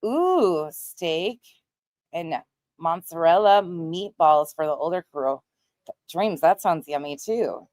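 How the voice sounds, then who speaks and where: Woman livestream host: low voice, chatty and blunt, dry close mic. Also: animated, slow, darkish tone, dry recording. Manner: chatty, greets viewers by name; blunt, swears casually. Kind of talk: casual livestream chat.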